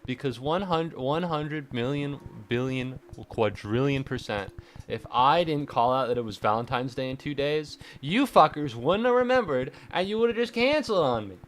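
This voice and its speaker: A man streaming casually, sarcastic and swearing often, swinging from mock-angry rants to quiet deadpan asides, sounding tired and stressed. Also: mid-range voice, moderate pace. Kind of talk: casual live-stream chat.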